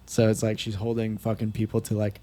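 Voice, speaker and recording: A man's voice: fairly low pitch, completely flat delivery, a little fast, mellow. A young man talking candidly on a podcast, swearing often and filling his speech with "like". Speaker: podcast guest. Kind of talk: casual podcast chat.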